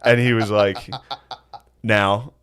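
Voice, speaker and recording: A man's voice: medium pitch, expressive, fairly quick, a crowd in the background. A man co-hosting a podcast, joking and teasing his partner in casual chat. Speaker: podcast co-host.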